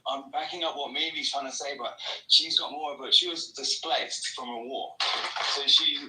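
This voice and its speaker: A man's voice: mid-range voice, steady tone, moderate pace, noisy background. An Australian man calling in, ranting aggressively and profanely in a rambling way. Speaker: caller. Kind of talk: heated call-in rant. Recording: echoey and distant.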